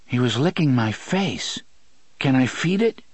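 A man voicing a curious, gentle boy, talking softly with eager wonder. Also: mid-range voice, animated, unhurried, slightly rough, dry recording.

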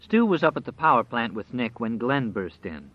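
A man narrating an audiobook in a measured, dramatic storytelling manner. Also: mid-range voice, big pitch swings, no echo. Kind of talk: scripted narration. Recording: dry, slightly dull recording.

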